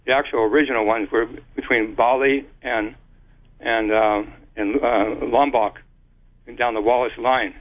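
Halting man on a tinny phone line. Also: mid-range voice, steady tone. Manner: halting, many restarts, spells out words. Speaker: guest. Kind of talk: explaining a theory in an interview.

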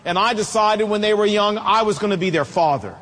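Emphatic high-voiced male preacher. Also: a little fast, fairly bright tone, big-room sound. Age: middle-aged. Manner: emphatic, storytelling with acted quotes. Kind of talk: sermon.

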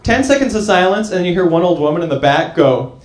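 A young man doing an animated stand-up comedy set on a club stage, acting out characters in funny voices. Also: sits high, fast talker. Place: comedy club stage before a live audience. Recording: roomy live club with audience.

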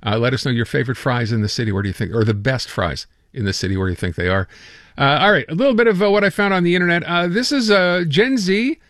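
A man hosting a radio show in casual chat, quick and full of fillers. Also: a little high, lively intonation, a bit bright, no echo, clean studio sound. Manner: quick, chatty, with many fillers. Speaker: radio host.

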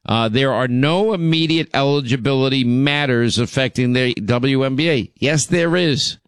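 A man's voice: medium pitch, moderate pace, clear, resonant tone, dry recording, clean studio sound. A man hosting a talk radio show, delivering a blunt, indignant monologue full of rambling asides.

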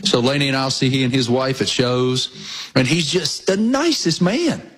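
A man's voice: medium pitch, lively intonation, moderate pace, a bit bright, husky, poor audio. A man from the Southern US co-hosting a sports radio show, joking and enthusiastic, teasing himself about retelling stories. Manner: enthusiastic, joking and self-deprecating. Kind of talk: casual chat.

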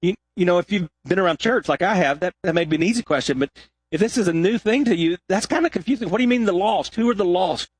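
A man preaching a sermon as pastor, dropping low and quiet and then rising to high, loud peaks. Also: expressive, quick pace, breathy edge, no room sound.

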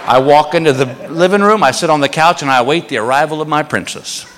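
A man's voice: fairly quick, few pauses, a little hiss or hum. A man doing stand-up comedy, telling a story and acting out the other people's voices. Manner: animated, acts out voices in high pitch. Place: comedy club stage. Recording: live club recording with crowd and reverb. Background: audience laughter.

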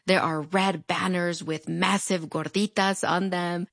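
A woman with a Mexican border fronterizo accent, narrating a scripted show in a wry, chatty way with animated asides. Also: fairly low pitch, unhurried, vocal fry, no room sound, clean studio sound. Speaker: host.

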